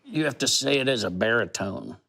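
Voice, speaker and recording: A man's voice: mid-range voice, animated, a little fast, gravelly, sharp tone, breathy edge. A man hosting an interview, encouraging his guest in casual chat. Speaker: interview host.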